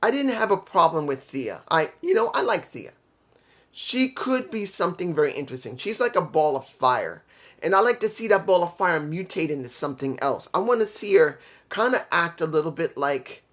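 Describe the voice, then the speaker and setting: A man's voice: fairly high pitch, a bit bright. A man giving a casual, opinionated wrestling show review, blunt and emphatic, often repeating his points.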